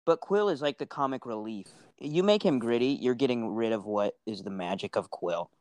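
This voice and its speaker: A man's voice: medium pitch, lively intonation, moderate pace, a little mellow. A man co-hosting a casual podcast, rambling through a story and acting out lines. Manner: rambling, acts out characters mid-story. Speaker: podcast co-host. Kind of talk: casual chat.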